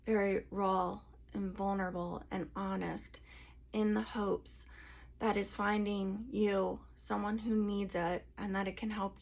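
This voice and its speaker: A woman who works as a channeler and energy healer speaks to her viewers in an emotional, confessional vlog, hushed and sighing as she goes. Her voice is mid-range and creaky.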